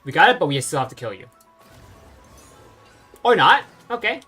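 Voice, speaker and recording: A game streamer giving casual let's-play commentary, thinking aloud and pausing often with fillers. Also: mid-range voice, sing-song, sharp tone, slightly rough, faint music behind.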